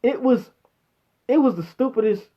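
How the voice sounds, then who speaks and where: A man with a high-pitched voice hosts a casual live chat show, ranting bluntly and swearing freely as he answers a viewer. His talk is full of restarts and exasperated asides. The sound is dull and lo-fi, like a home stream. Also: expressive, moderate pace. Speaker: show host.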